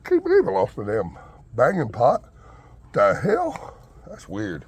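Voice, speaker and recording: A man's voice: mid-range voice, wildly swooping pitch, measured pace, breathy edge. A man, chatting casually to his viewers and sweet-talking his hens while he feeds them outdoors. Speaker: backyard chicken keeper. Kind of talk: casual vlog chat. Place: outdoor yard and front porch in freezing weather.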